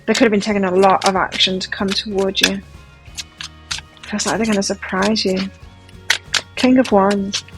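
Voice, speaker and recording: A woman's voice: mid-range voice, fairly even intonation, normal speed, long pauses, over music, rough recording. A woman giving a pick-a-card tarot reading, talking to the viewer as she turns cards and exclaims over them. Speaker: tarot reader.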